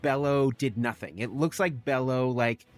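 A man's voice: medium pitch, moderate pace, soft background music. A man playing a tabletop game, stating his character's actions eagerly. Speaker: player.

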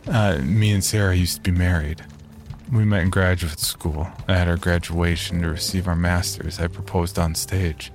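A man narrating a horror story in the first person, in a calm, measured way. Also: sits low, soft background music.

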